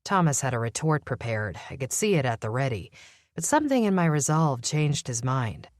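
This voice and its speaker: Low-voiced woman narrating an audiobook. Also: big pitch swings, moderate pace, no echo, studio quality. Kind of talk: first-person audiobook narration.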